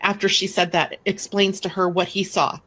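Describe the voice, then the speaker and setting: A middle-aged woman hosting a live astrology show, chatting casually and telling stories with lively acted-out quotes. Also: mid-range voice, moderate pace. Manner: animated storyteller who acts out quoted speech. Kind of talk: casual conversational storytelling.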